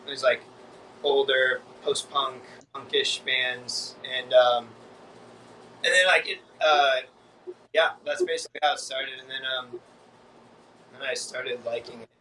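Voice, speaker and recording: A man's voice: mid-range voice, steady tone, unhurried, pauses often, bright, forceful tone. Joking man on a distant video call. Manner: joking, rambling with fillers. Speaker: band drummer. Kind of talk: casual video interview. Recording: distant mic with faint noise.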